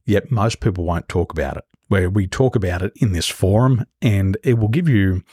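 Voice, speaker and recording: A man's voice: low voice, normal speed, warm tone, slightly rough, dry recording, clean studio sound. A man who is a business coach, telling stories as a guest in an interview and acting out the voices of the people he quotes. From Australia. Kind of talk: storytelling interview.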